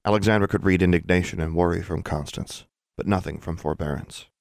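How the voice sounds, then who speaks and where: A man with a very low, deep voice narrates an audiobook in a steady, measured way. The recording is dry and close, with no room sound. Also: gravelly, no room sound.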